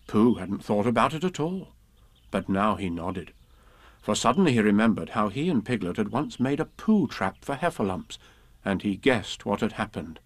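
Low, husky male storybook narrator. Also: studio quality. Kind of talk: storybook reading. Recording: long hall reverb.

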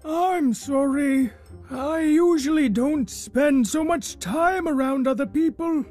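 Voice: high voice, slow, darkish tone. A performer voicing a lonely, centuries-old lava creature trapped in a volcano, who tells rambling stories in an improvised comedy audio story. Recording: faint music underneath.

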